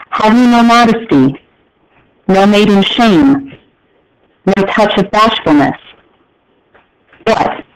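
A jealous young woman hurls insults, read out by a man with no drama. The reading stays flat and high-pitched, with a pause at every comma and a rise at every question. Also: a little hiss or hum, full character voice, poor audio. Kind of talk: plain read-aloud of a verse scene.

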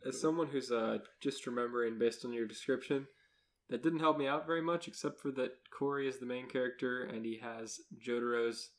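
A man's voice: mid-range voice, brisk. A man co-hosting a podcast in casual chat, laughing often. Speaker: podcast co-host.

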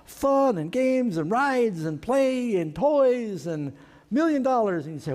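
Pastor preaching in a reverberant hall. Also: male voice, sits high, sing-song, unhurried, a little mellow. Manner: asks the congregation questions and acts out everyday sayings. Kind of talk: sermon.

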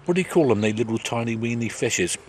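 A man's voice: mid-range voice, lively intonation, fast, darkish tone, a little hiss or hum. A man, rambling through cheeky casual banter as host. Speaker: channel host.

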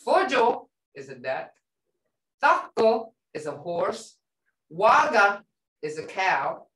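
A woman's voice: mid-range voice, sing-song, takes it slowly, fairly bright tone. A woman teaching a language class, patiently repeating words and sounds for her students. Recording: roomy sound from a distance.

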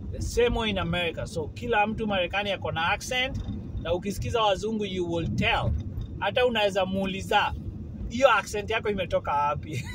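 A man from Kenya, chatting casually to his viewers in an animated way and often checking that they follow. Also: high voice, noisy background. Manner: animated, keeps asking if the listener follows. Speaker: vlogger. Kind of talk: casual chat to camera.

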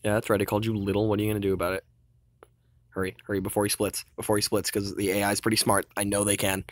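A man's voice: on the low side, flat delivery, very fast, dry recording. A young man giving casual gameplay commentary, cocky and trash-talking, singing along in bursts. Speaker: gamer.

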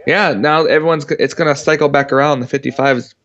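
A man's voice: fairly high pitch, fairly even intonation, fast, highs cut off, crowd noise. A young man co-commentating a sim race, joking and crude in an offhand way.

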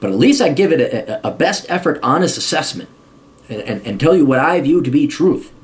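This host, also from the United States, answers a viewer question in a fairly high, expressive voice at a brisk clip. His reply is a profane advice rant delivered straight to camera, thick with swearing and repeated points driven home for emphasis.

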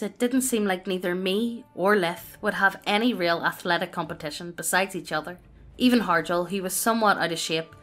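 A woman reading a personal story aloud as scripted narration, in a steady, even delivery. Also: lowish voice.

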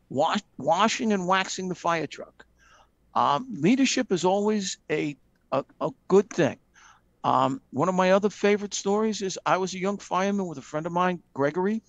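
Animated higher-voiced man telling stories. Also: no room sound. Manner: lively anecdotes, acting out quoted dialogue, frequent ums. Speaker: guest, retired fire captain. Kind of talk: casual storytelling in a live video chat.

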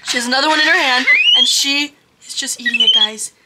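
A woman's voice: sits high, fairly quick. A young woman vlogging outdoors with her pet monkeys, gushing, squealing and using baby talk with the animals. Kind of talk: excited vlog narration. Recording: loud background noise.

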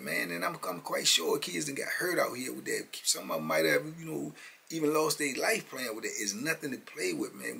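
A man's voice: mid-range voice, creaky, pushed and bright, breathy edge. A man in his fifties telling prison stories in a casual, emphatic street-talk monologue, often chuckling and tagging lines with "man".

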